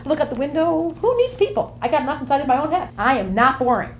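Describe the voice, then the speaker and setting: A lady playing a bubbly gemini gal, fast and bouncy, hops topic to topic, bores quick. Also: sits high, sing-song, slight background noise. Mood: chatty. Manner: bubbly, quirky, jumps between topics. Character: chatty flighty Gemini woman, easily bored. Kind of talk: comic character monologue.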